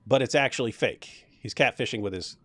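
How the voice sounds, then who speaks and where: A man's voice: medium pitch, brisk, fairly bright tone, no room sound. A man hosting a live stream, chatting casually, who mocks and laughs often. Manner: mocking, laughs often, restarts sentences.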